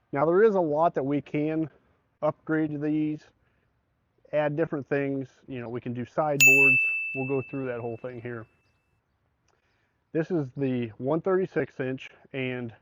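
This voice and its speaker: A man's voice: fairly high pitch, no room sound. Man casually walking through a product. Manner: conversational, explains specs plainly with measurements. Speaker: truck bed salesman. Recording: slightly dull, dry recording.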